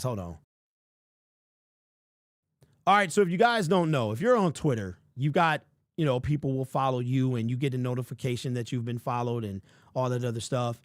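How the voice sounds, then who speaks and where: A man's voice: mid-range voice, dry recording, studio quality. A man hosting a sports podcast in casual chat, joking, laughing at his own stories and talking straight to viewers.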